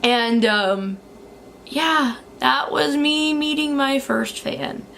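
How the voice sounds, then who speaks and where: A woman's voice: high voice, extremely slow, creaky, a bit bright, slight background noise. A young woman telling a story in a casual vlog, chatty, with many fillers and frequent laughs. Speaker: beauty vlogger.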